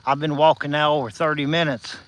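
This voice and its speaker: Fairly high-pitched and a little fast, the host's bright voice moves little in pitch. He strolls outdoors at night, insects audible, talking folksily and encouragingly to his livestream viewers by name in a Southern accent, a bit out of breath and slurring slightly without his top teeth. Slight background noise marks the rough recording.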